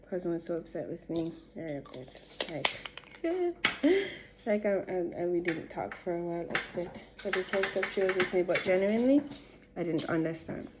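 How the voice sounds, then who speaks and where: A woman's voice: fairly low pitch, background noise. A young woman with a Jamaican accent, telling a rambling, chatty story while doing her makeup for her vlog. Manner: rambling, chatty, laughs between sentences. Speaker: beauty vlogger.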